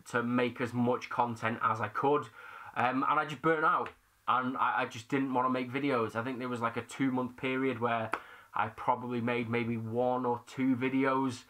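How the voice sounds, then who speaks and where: Chatty British young man, bright voice. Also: mid-range voice. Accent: British English. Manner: chatty, self-deprecating, slangy. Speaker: YouTube movie channel host. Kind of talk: casual Q&A chat to camera.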